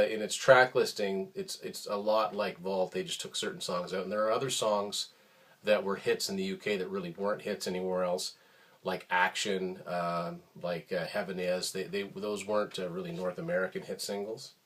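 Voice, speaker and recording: Low-voiced man showing his CD collection. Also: normal speed. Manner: relaxed, rambling, many ums and uhs. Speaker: host of a record collection show. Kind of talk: casual show-and-tell talk.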